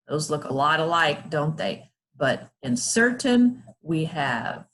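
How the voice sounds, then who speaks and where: A woman teaching a phonics lesson to young children, sounding out letters and words slowly and praising often. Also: low voice, sing-song, fairly bright tone.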